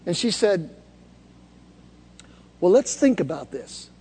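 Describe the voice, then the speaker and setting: High-voiced man preaching a sermon. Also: big pitch swings, slow pace, dark tone, breathy edge, long reverb tail. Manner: conversational storytelling, building to calls for the crowd to repeat after him. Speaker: pastor. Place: church hall before a congregation.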